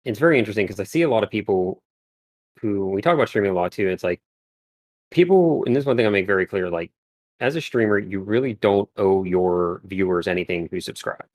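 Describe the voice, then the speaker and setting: A man's voice: lowish voice, lively intonation, fairly quick, darkish tone, no room sound. A man chatting casually on a live stream as a guest painter, talking in loose, rambling sentences full of restarts. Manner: rambling, lots of filler and restarts. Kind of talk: casual livestream chat.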